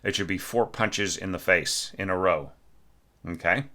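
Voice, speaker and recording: Male orchestration teacher, very low bright voice, chatty and emphatic, sings phrases to demonstrate. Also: a little slow. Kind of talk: casual spoken feedback on a student's score.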